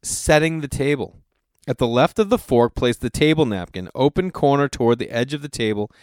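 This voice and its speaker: A man's voice: medium pitch, animated, fairly quick, clean tone, dry recording, clean studio sound. A middle-aged man, chatting casually as a host and reading old recipes aloud with incredulous, swearing commentary. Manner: incredulous, exasperated riffing with swearing.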